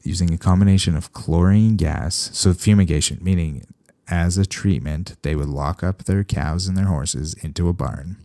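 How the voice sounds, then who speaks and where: A man from Canada, a veterinarian hosting a solo podcast, talking casually with animated, sarcastic asides. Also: deep voice, normal speed, hardly any pauses, no room sound.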